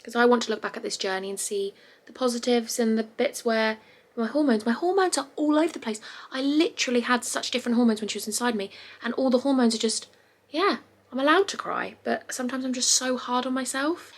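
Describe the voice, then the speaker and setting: Young woman, a little high, candid home vlog, emotional rambling delivery. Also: brisk. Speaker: vlogger. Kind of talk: casual confessional vlog. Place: bedroom at home.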